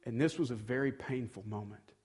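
A man's voice: mid-range voice, brisk, darkish tone, husky. A male pastor giving a sermon in a conversational tone, acting out quoted dialogue and building to moments of emphasis.

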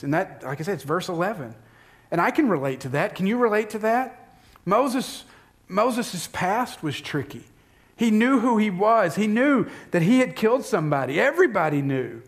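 A man's voice: high-pitched, very animated, moderate pace. A man preaching a sermon as pastor, speaking conversationally and putting questions to the congregation.

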